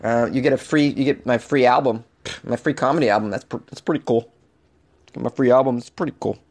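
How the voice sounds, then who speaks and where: A man hosting a solo comedy podcast, animated and over-caffeinated, swinging from loud jokes to muttered asides. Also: medium pitch, quick pace, creaky. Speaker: podcast host.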